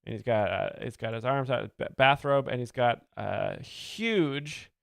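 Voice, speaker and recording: A man giving earnest, rambling, deadpan mock-expert commentary as a comedy show host, close to the mic. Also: medium pitch, measured pace, gravelly, dry recording.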